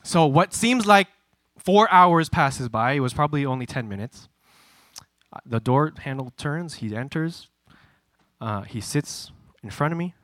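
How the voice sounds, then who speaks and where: A man in his twenties preaching, who tells a story with lively energy. His voice is bright and a little high, and the recording is dry. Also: a little slow, pauses often, dry recording. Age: 20s. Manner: animated, chatty storyteller. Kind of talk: sermon storytelling.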